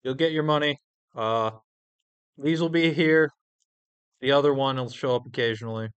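A man speaking in character in a tabletop game, halting with many fillers. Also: mid-range voice, clean tone, dull audio. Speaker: tabletop player. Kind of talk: in-character role-play.

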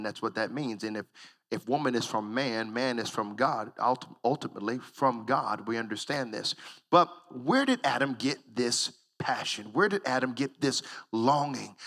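A middle-aged man preaching a sermon as pastor, building from calm storytelling into loud, shouted praise. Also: mid-range voice, in a large hall.

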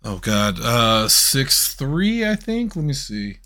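A man's voice: medium pitch, very animated, slow pace, bright, forceful tone. A man playing in a tabletop game, chatting in a joking, easygoing way. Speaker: player. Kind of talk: casual chat during a tabletop game.

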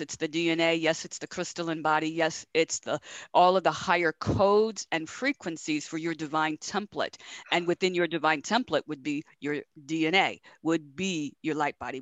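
A woman's voice: sits low, fairly bright tone, no room sound. Woman spiritual teacher, rhythmic repeater, dry close sound. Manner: rhythmic, repeats words, laughs often.

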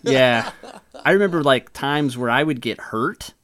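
Relaxed, swearing man telling stories. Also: medium pitch, measured pace. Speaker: podcast host. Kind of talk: casual chat.

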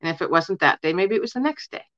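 A woman's voice: lowish voice, animated, fast, a bit bright, dry recording, highs cut off. A woman guest in an interview, earnestly telling personal stories in a casual way and often saying "you know". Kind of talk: casual storytelling.

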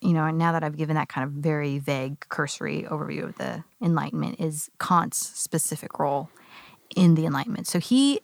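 A woman's voice: deep voice, brisk, creaky, no echo. A woman co-hosting a podcast, talking through ideas in a thoughtful, rambling way with many "like" fillers, into a studio microphone. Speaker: podcast co-host. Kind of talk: casual podcast discussion.

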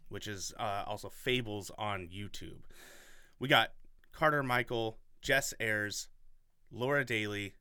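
A man's voice: medium pitch, sharp tone, clean tone, no room sound, studio quality. A man hosting a podcast in casual chat, rambling and enthusiastic with lots of fillers. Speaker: podcast host.

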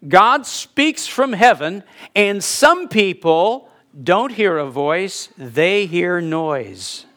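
A man with a high voice preaches to his congregation in a loose, conversational way. He leans on rhetorical questions and stops for emphasis between points. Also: lively intonation, extremely slow, bright, forceful tone. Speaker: pastor. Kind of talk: sermon.

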